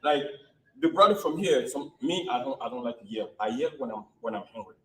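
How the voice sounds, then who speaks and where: A man's voice: medium pitch, animated, a little fast. A man from West Africa, a guest in a casual interview, who often repeats himself and restarts his phrases. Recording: echoey room from a distance.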